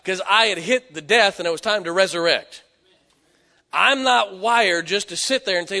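A man preaching a sermon, telling stories and swelling from hushed tones to loud exhortation. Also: high-pitched, normal speed, gravelly. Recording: echoey hall with long reverb.

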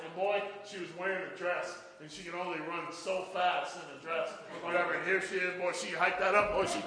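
A man's voice: a little high, fast talker. A man telling a story in a sermon, acting out the voices of the people in it. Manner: animated storyteller, acts out quotes. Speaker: preacher. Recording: echoey hall.

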